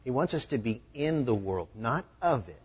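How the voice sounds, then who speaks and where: Preacher telling a sermon story, husky, muffled lo-fi recording. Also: male voice, mid-range voice, normal speed. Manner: animated, acting out the scenes. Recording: dull lo-fi recording.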